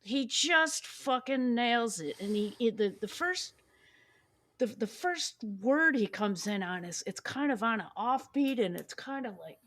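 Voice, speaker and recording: A woman's voice: a little high, lively intonation, moderate pace, fairly bright tone. A woman hosting a podcast, chatting casually and enthusiastically about a favorite band, swearing freely and often restarting her sentences. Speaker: podcast host. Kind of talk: casual music chat.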